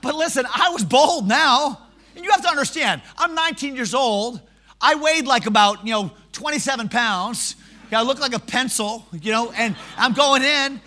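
A man preaching a sermon, telling stories in an animated, self-mocking way. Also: very high voice, normal speed.

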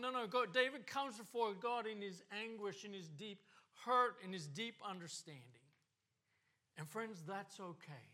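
A man's voice: high-pitched, measured pace, sharp tone. A man preaching a sermon, passionate and earnest, with the voice rising and falling. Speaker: pastor.

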